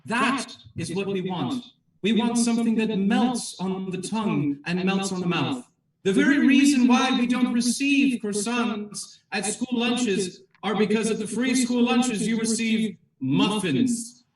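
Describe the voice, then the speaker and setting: A high-voiced man delivers an improv closing argument with pompous, mock-patriotic flourish. He sounds distant, and strong room echo surrounds him. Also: expressive, measured pace. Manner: grandiose, mock-patriotic oratory. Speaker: improv player arguing for croissants. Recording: roomy echo, distant from mic.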